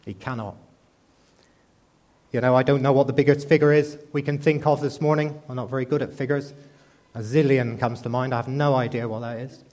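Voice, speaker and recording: A man's voice: medium pitch, steady tone, fairly quick, darkish tone. A man preaching a sermon in a conversational way, often asking the congregation rhetorical questions.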